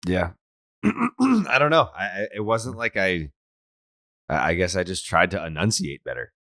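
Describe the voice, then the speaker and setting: A man in his thirties from Massachusetts' North Shore, hosting a casual podcast chat with self-mocking humor and frequent throat clearing. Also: low voice, big pitch swings, measured pace, bright, forceful tone, no room sound. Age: 30s. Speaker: podcast host.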